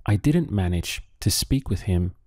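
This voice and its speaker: A man teaching a Spanish lesson, slowly and patiently, with pauses for the listener to think. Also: low-pitched, animated, darkish tone, no echo, clean studio sound. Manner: slow, patient, with drill pauses. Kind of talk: audio language lesson.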